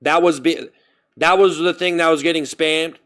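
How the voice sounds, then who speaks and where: Man live streaming from home, slightly high voice, rambling, animated, thanking chat donations. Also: moderate pace. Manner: rambling, animated, jumps to loud self-scolding. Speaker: livestreamer.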